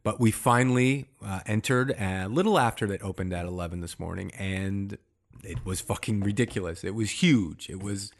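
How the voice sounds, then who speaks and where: A man's voice: fairly low pitch, normal speed. A man co-hosting a casual chat, telling a rambling story with lots of restarts and fillers. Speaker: podcast co-host.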